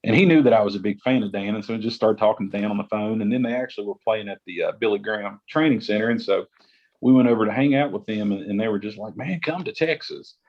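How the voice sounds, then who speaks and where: A man's voice: fairly low pitch, fast talker, highs cut off. A man from West Virginia, a gospel singer, talking casually as a podcast guest and rambling with lots of restarts. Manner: rambling, restarts often, says "like" a lot. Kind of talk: casual interview chat.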